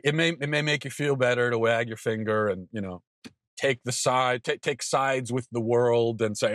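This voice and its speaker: A man in his thirties hosts his own show, delivering an emphatic opinion monologue. He repeats himself for stress and stumbles into quick restarts. His voice sits at a middle pitch, and the recording is dry and close. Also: fairly even intonation, a bit bright, dry recording. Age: 30s. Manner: emphatic, repetitive, stammering restarts. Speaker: podcast host.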